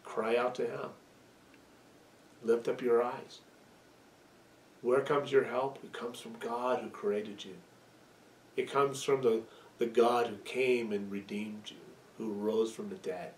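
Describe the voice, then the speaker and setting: A man's voice: medium pitch, fairly even intonation, slow pace, long pauses, distant mic, a little hiss or hum. A male pastor preaching a sermon, telling stories earnestly and leading a prayer. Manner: storytelling, earnest, with restarts. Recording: echoey room, away from the mic.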